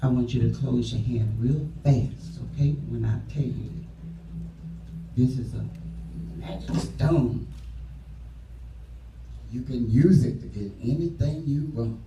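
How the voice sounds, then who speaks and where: A gentle, wise old man speaks slowly and kindly in a low, deep voice, as a man puts him on. The recording is echoey and distant, with music behind. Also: a little hiss or hum. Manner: slow, kindly instructing.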